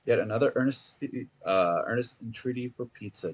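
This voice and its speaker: A man's voice: medium pitch, normal speed, hardly any pauses, breathy edge. A man casually playing a video game and reading its letters aloud, with wry asides and self-corrections. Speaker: gaming video host.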